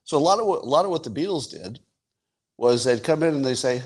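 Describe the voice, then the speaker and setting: A man in his sixties hosting his own podcast, musing wryly in casual solo commentary with chuckles and sudden jumps in pitch for emphasis. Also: expressive, fast, a little mellow. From United States. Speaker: podcast host.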